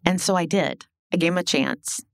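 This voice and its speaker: A middle-aged woman telling her life story as a podcast guest, animated and blunt, swearing and acting out what people said. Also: on the low side, moderate pace, creaky, no echo, clean studio sound. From Illinois. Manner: animated, swearing, acts out quoted dialogue. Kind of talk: casual storytelling interview.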